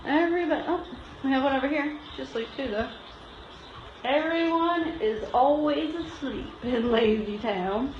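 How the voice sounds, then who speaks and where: High-voiced woman cooing to cats. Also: expressive, moderate pace, reverberant, lo-fi sound, a little hiss or hum. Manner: cooing baby-talk to cats, frequent laughs. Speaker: shelter volunteer giving a live tour. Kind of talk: casual live-stream tour. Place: indoor cat room at an animal shelter.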